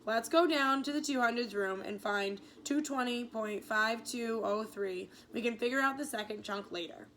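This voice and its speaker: A woman's voice: a little high, normal speed, few pauses, fairly bright tone, a little hiss or hum, natural voice. A woman voicing a practical, bookish boy who explains things steadily. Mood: steady.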